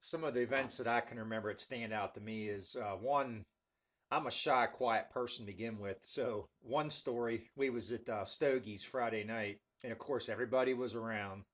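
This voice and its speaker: A man telling casual stories with many fillers, then reviewing a pipe tobacco in a relaxed, rambling way. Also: medium pitch, normal speed. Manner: laid-back rambling with fillers.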